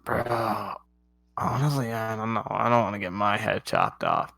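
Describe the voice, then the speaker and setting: A man's voice: fairly low pitch, huge pitch swings, a little slow, creaky, bright, forceful tone, no echo. A man narrating a tabletop game as game master in a laid-back, playful way.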